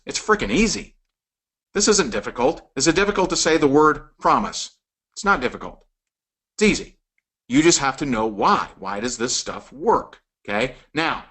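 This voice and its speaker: Middle-aged male sales trainer, lively and emphatic, voice rides high. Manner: emphatic, animated, acts out quoted lines. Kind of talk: recorded training lecture.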